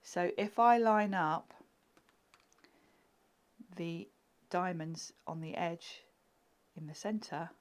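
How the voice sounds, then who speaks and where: Woman, lowish voice, chatty live craft demo, giggles and murmurs while working. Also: drawn-out words, pauses often. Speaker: craft demonstrator.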